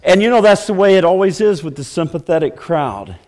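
A man's voice: sits high, animated, fairly quick, a little mellow, in a large hall. A man preaching a sermon as pastor, breaking into mock wailing when he acts out the crowd. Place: church.

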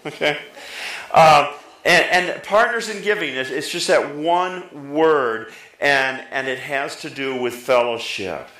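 A middle-aged man preaching a sermon as pastor, lively, often rising in pitch for emphasis and drawing answers from the congregation. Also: takes it slowly, echoey room, rough recording. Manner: lively, pitch jumping up for emphasis, talks back and forth with the congregation.

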